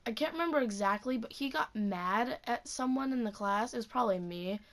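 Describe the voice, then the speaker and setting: A woman's voice: on the high side, fairly quick. Young woman ranting in a storytime vlog. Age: teens. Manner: casual, profane, heavy use of "like". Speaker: student.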